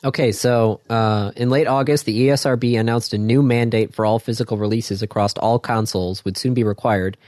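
A male podcast co-host reading news items in a relaxed, casual manner. He is recorded close and dry, with no room sound behind him. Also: mid-range voice, a little fast, few pauses, dry recording. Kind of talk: casual chat.

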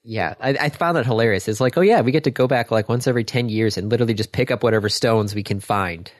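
A man's voice: lowish voice, fast talker, dry recording, clean studio sound. A young adult man co-hosting a casual chat, enthusiastic and rambling, with frequent restarts. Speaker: podcast co-host.

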